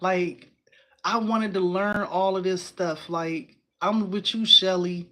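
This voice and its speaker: A woman hosting a casual crafting live stream from home. She talks in an excitable, chatty way, says "y'all" a lot, and answers viewers' comments aloud. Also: fairly low pitch, slow. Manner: uses y'all and informal phrasing.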